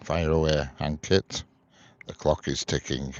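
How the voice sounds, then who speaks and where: A man's voice: rumbling low, fairly even intonation, measured pace, highs cut off. A man chatting casually outdoors on a railway live stream, reading viewers' comments aloud and answering them. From England. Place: outdoors beside a railway line.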